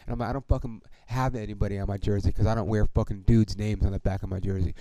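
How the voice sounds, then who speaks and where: A man's voice: lowish voice, quick pace, vocal fry, poor audio. A man hosting a podcast, telling a story in a heated, profanity-heavy way, peppered with "dude" and "okay". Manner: heavy swearing, heated and animated; frequent fillers like "dude" and "okay". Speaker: podcast host. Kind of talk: casual storytelling monologue.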